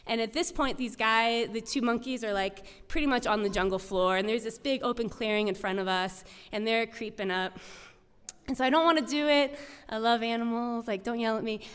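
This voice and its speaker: A woman with a somewhat high, smooth and resonant voice tells a personal story to an audience. She talks in a loose, chatty way, with lots of "like" and "um". Her voice carries the long reverb of a large hall. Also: brisk, a bit bright. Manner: chatty, full of "like" and "um" fillers.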